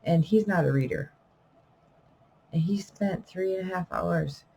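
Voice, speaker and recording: A middle-aged woman, a vlogger and self-published poet, talks casually to camera in an unedited vlog, rambling, trailing off with fillers and correcting herself while wheezing and coughing a little. Her fairly low, dark voice is unhurried with vocal fry, and the rough recording carries some hiss or hum.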